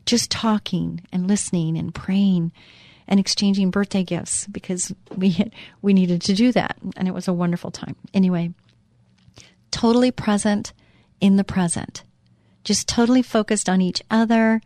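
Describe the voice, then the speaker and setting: A woman's voice: mid-range voice, dark tone, dry recording, clean studio sound. A middle-aged woman hosting a Christian inspirational talk show, speaking earnestly and from the heart with many fillers and restarts. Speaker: radio show host.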